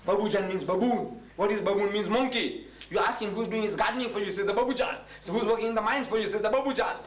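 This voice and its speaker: A man giving a public lecture, telling stories and acting out conversations in lively voices. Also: high-pitched, quick pace. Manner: animated, acts out conversations with shifting voices. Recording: echoey hall, heard from a distance, faint hiss.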